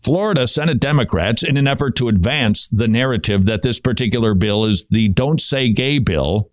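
A man's voice: mid-range voice, expressive, normal speed, no echo, studio quality. A man hosting a Christian talk show, giving earnest casual commentary on Bible passages, often stammering and restarting mid-thought. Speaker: Christian podcast host.

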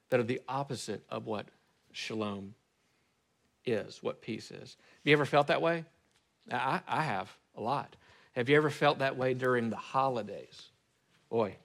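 A male pastor delivering a sermon in an easygoing, conversational manner. He asks his congregation questions and shifts his pace, slowing down on key words and speeding up through asides. His voice sits at an ordinary middle pitch for a man. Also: vocal fry.

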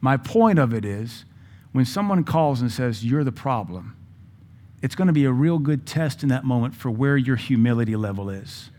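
Male pastor, conversational sermon, storytelling, medium pitch. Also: lively intonation, normal speed, warm tone. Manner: quotes scripture in old English.

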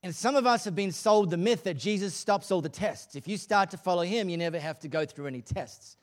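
A man's voice: high-pitched, a little fast. Joking, conversational male pastor. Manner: casual, joking, conversational preaching. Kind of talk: sermon. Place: church service.

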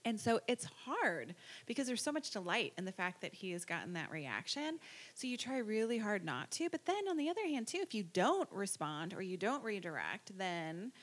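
A woman's voice: mid-range voice, very animated, moderate pace. A woman and parent in casual conversation, talking at length with frequent restarts and trailing fillers.

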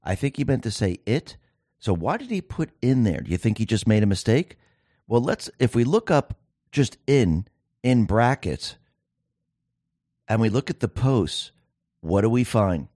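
A man's voice: on the low side, sing-song, a little slow, pauses often, dark tone, dry recording, clean studio sound. A man hosting a political commentary monologue, talking emphatically and firing off rhetorical questions. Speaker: show host.

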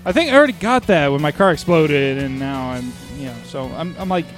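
A male podcast host with a slightly higher voice, chatting casually and joking with his guests. He swears freely and laughs often, with faint music underneath. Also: expressive, fairly quick. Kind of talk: casual chat.

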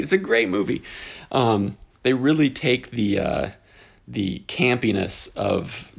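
A man in his forties hosts a podcast in a loose, joking monologue full of tangents and playful asides. His voice is gravelly and slightly husky. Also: on the low side. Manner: animated, jokey, wandering into tangents. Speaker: podcast host. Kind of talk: casual rambling podcast monologue.

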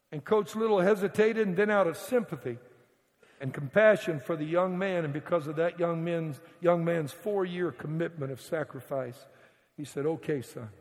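Storytelling pastor in an echoing church. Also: male voice, fairly high pitch. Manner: storytelling with dramatic swings from hushed to shouting. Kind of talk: sermon. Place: church sanctuary. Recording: church hall reverb.

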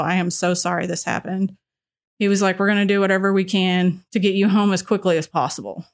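Brief: middle-aged woman, mid-pitched, plain storytelling voice, talks through events with "you know" fillers. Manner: recounting events with quoted dialogue and frequent "you know" fillers. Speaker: radio listener guest. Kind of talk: personal storytelling.

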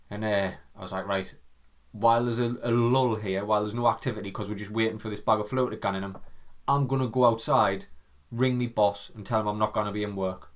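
A young man tells a story in casual podcast chat. He is animated and swears freely. He slips into mimicked voices and breaks into laughter often. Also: lowish voice. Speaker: podcast co-host.

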